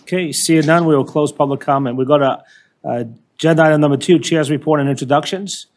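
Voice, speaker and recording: A man chairing a formal board meeting, speaking haltingly with frequent fillers into a table microphone. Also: on the high side, steady tone, darkish tone.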